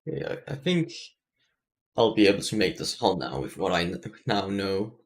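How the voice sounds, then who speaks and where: A streamer with a low, sing-song voice talks at normal speed while building in a game. His casual gameplay commentary is mumbled, self-deprecating thinking aloud.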